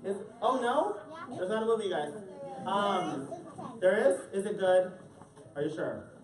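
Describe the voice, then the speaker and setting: Drag queen storyteller, slow and animated, cracking jokes to the kids; distant, roomy recording. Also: medium pitch. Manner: playful, joking asides to the audience. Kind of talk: reading a picture book aloud to children. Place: indoor event space with a family audience. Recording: echoey room, far from the mic, crowd.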